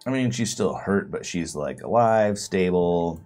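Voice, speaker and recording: A man running a tabletop game as game master, in a relaxed way, asking the players questions. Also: deep voice, measured pace, faint music behind.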